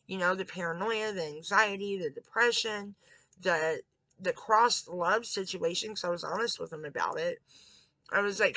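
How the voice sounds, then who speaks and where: A woman's voice: lowish voice, normal speed, bright, forceful tone, no room sound, rough recording. A woman in a candid, rambling tarot vlog, confiding to her viewers about faith and leaving a relationship. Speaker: tarot reader and vlogger. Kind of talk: casual spiritual tarot talk.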